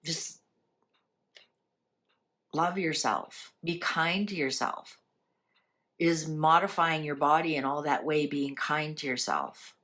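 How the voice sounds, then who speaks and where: A woman's voice: low-pitched, slow, long pauses, fairly bright tone. A woman hosting a casual spiritual talk, speaking conversationally and asking many rhetorical questions. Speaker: channel host.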